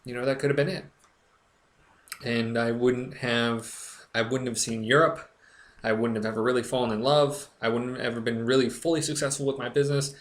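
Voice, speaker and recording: A man's voice: medium pitch, fairly even intonation, slight background noise. A young man talking earnestly to camera in a personal vlog, stumbling and restarting often as he speaks with emotion. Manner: earnest, halting, with frequent restarts. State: recovering, emotional. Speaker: blogger. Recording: echoey room.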